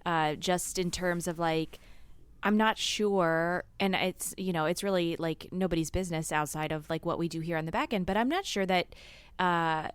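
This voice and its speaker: Woman podcast co-host, lowish smooth voice, thoughtful and searching. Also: moderate pace, dry recording. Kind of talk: casual reflective chat.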